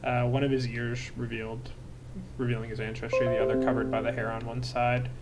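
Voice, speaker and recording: A man narrating as game master in a relaxed way, with fillers and self-corrections. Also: medium pitch, fairly quick, over loud music. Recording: noisy home recording.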